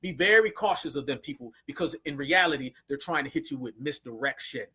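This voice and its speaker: A man's voice: medium pitch, expressive, a little fast, sharp tone, slightly rough. A man giving blunt, sarcastic commentary to his viewers, calling them family. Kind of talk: casual commentary.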